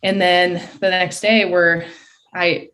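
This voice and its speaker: A woman in her early twenties from Michigan, a guest excitedly retelling a race in a casual voice full of "like" fillers. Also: lowish voice, slow. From Michigan, USA. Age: early 20s. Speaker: podcast guest, college swimmer. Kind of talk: casual storytelling.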